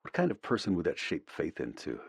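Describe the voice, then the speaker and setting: A man narrating a first-person audiobook in a measured, reflective way, close to the mic. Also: sits low, wildly swooping pitch, husky, dry recording.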